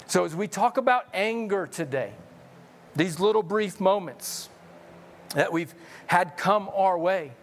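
A male pastor preaching a sermon in an animated, joking way, often repeating words when he gets excited. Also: sits high, unhurried, pauses often, a little hiss or hum.

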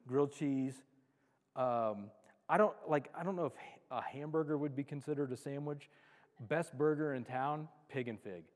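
Joking pastor in a reverberant hall. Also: male voice, on the high side, a little mellow. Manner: chatty, joking, self-deprecating. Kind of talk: casual sermon. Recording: long reverb of a large hall.

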